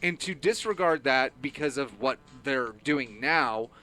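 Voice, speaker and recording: A man's voice: mid-range voice, expressive, measured pace, sharp tone. A man co-hosting a casual chat show, talking in long rambling runs with restarts. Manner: rambling, enthusiastic, stammers on restarts. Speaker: co-host.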